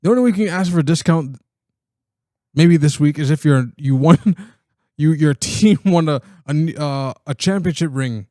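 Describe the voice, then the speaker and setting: A man's voice: a little high, moderate pace, warm tone, no echo, clean studio sound. A man co-hosting a podcast, joking and laughing through casual sports banter, often repeating his words. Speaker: podcast co-host.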